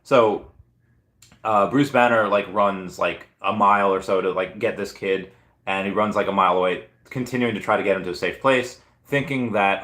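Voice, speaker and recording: A hoarse man chatting casually on a live stream, rambling through stories with lots of fillers. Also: lowish voice, normal speed, fairly bright tone, echoey room. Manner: rambling, filler-heavy storytelling. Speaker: comic and collectibles YouTuber.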